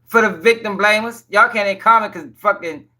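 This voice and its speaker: A man's voice: sits high, a little fast, bright, forceful tone. A man doing casual livestream commentary. He reads court papers aloud and answers his chat in blunt, profane slang, often repeating himself in exasperation. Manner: talks to chat viewers directly.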